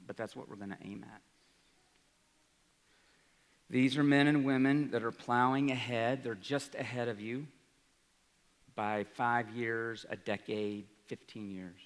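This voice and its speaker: A man in his forties giving an energetic speech to an audience, often asking "right?". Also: mid-range voice. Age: 40s. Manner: energetic, rhetorical, asks the crowd "right?". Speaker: college president. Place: large hall. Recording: reverberant hall, live speech.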